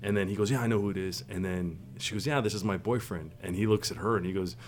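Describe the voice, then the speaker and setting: A man co-hosting a podcast, chatting casually and telling animated stories that crack him up. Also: low voice, fast, slight background noise. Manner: excited storyteller, laughs hard at his own stories. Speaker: podcast co-host. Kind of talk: casual chat.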